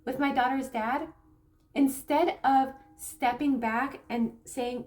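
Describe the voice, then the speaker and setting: Woman spiritual coach, higher voice, candid and halting, personal talk straight to camera. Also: steady tone. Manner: candid, halting, repeats phrases while recounting; soft, grounding, reflective. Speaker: spiritual coach and tarot reader.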